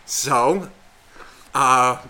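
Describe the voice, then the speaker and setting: A man's voice: mid-range voice, extremely slow, bright, forceful tone. A man co-hosting a podcast, telling a rambling story in casual chat full of swearing. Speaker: podcast co-host.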